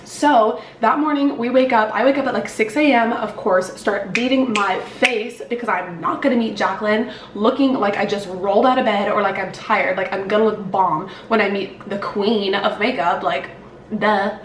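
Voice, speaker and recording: A woman's voice: mid-range voice, moderate pace, recorded from a distance, noisy background. A young woman in her twenties telling a story on her vlog in a casual, upbeat way, with lots of "like" and fillers. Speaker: beauty vlogger. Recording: roomy echo, slightly off-mic, faint ambience.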